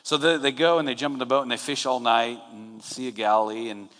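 A man preaching a sermon in a relaxed, conversational way, retelling scenes and acting out quotes. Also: medium pitch, a little fast. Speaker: pastor. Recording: long hall reverb.

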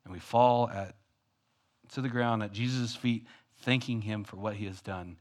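A male pastor delivering a conversational, self-deprecating sermon, swinging between loud and hushed. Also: lowish voice, normal speed.

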